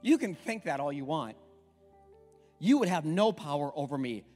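A man voicing a calm, firm prisoner who answers his judge plainly, recorded in an echoey hall with faint music. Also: on the high side, normal speed. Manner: calm, firm, matter-of-fact.

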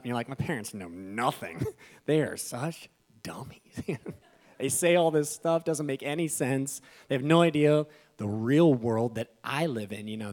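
A young man preaching on a church stage, talking casually and with feeling. He swings from soft, tender moments to sudden loud, fired-up bursts, at a middle pitch. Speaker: pastor. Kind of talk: sermon.

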